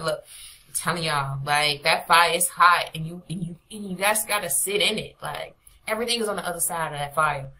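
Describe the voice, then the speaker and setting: A woman's voice: mid-range voice, bright, forceful tone, poor audio. A young adult woman, a prophetic minister, preaching an informal devotional with emphatic, repetitive exhortations.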